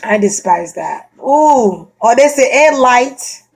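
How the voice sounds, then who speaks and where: A woman chatting casually and bluntly, swearing freely, laughing often and getting animated. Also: fairly high pitch, slow pace, slightly rough. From Florida. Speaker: vlogger chatting to a friend. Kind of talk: casual chat.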